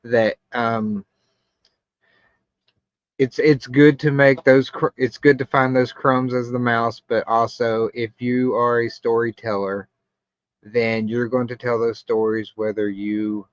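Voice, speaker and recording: A man's voice: mid-range voice, flat delivery, dry recording. Man, podcast host, thoughtful and hesitant, dull lo-fi sound, dry. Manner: measured, reflective, hesitant with ums. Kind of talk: casual podcast chat.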